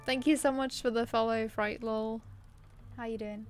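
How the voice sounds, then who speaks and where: A woman's voice: a little high, fairly even intonation, normal speed, soft background music. A woman with an English accent chatting casually and laughing with viewers while streaming a fantasy game. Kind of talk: casual live-stream chat.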